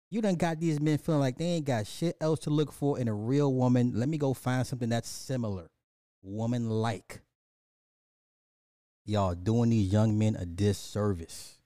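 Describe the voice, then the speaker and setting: A man's voice: mid-range voice, dark tone, no room sound, studio quality. A man hosting a casual livestream, ranting profanely and animatedly, laughing and talking to his chat. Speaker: livestream host.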